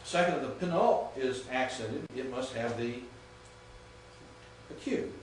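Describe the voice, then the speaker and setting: Here the same Greek teacher sounds animated at medium pitch, keeping a measured pace as he patiently lectures and checks for understanding. He's recorded from afar in a reverberant room, with a little hiss or hum.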